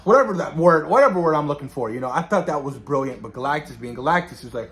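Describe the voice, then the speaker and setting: A man's voice: on the high side, lively intonation, quick pace, hardly any pauses, a bit bright. A man chatting casually about a film he loved, rambling with fillers, swearing freely and getting carried away. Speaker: film reviewer. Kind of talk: casual spoiler review chat.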